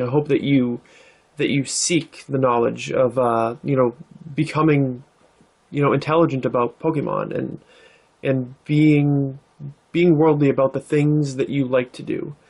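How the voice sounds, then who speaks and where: Guy narrating a card-opening vlog, laid back, lots of uhs and ums, middle-pitched voice. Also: creaky, slightly rough. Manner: relaxed, thoughtful, with many fillers. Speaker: card-opening channel host.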